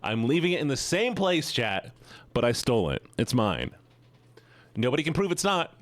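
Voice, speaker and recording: A man streaming live, joking with his chat in a playful, teasing voice. His pitch swings widely as he hams up mock-villain boasts. The sound is close and dry, with no room around it. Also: sing-song, moderate pace, no echo.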